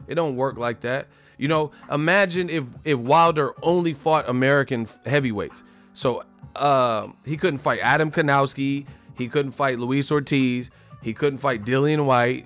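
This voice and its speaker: A man giving casual, profane, mocking commentary as a boxing commentator, with sudden loud outbursts. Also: mid-range voice.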